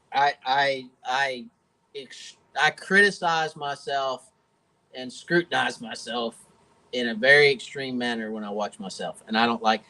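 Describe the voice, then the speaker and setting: A man's voice: medium pitch, bright, forceful tone, poor audio. Folksy man, chatty host. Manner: folksy, chatty, laughs often. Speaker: host of a fishing channel. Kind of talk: live-stream Q&A chat. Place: home workshop.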